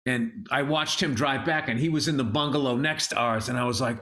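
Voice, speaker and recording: A middle-aged man on a casual comedy podcast, telling an animated story full of swearing. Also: medium pitch, a little fast. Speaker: podcast co-host.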